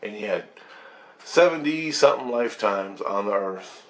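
A man's voice: lowish voice, expressive, normal speed, fairly bright tone. A man rambling through a personal story in blunt, profane talk, restarting his sentences often. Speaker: vlogger sharing spiritual experiences.

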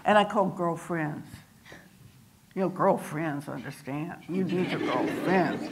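Older woman storyteller, low voice, unhurried delivery, acts out quoted dialogue. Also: noisy background. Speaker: family member speaking at a campus event. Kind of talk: storytelling to a live audience. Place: multipurpose room.

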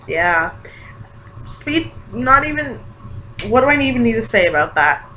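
A young woman chatting excitedly in a casual reaction vlog, gushing and full of fillers. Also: a little high, moderate pace, pauses often, low-quality recording. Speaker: vlogger. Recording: faint background hiss.

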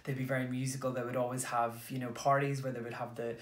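A man in the cast of a musical, giving thoughtful, halting interview answers from home. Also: mid-range voice, flat delivery. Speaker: musical theatre cast member. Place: home during lockdown. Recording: echoey room.

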